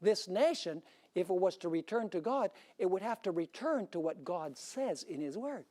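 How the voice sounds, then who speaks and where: A man's voice: sits high, expressive, normal speed, a little mellow. Emphatic male pastor preaching. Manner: emphatic preaching with rhetorical questions to the audience. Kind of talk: sermon.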